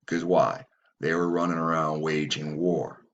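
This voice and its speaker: Slow, deep-voiced man reading and ranting. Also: level tone, highs cut off. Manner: profane, rambling, stumbles over names. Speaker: channel host. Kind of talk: reading aloud and commenting.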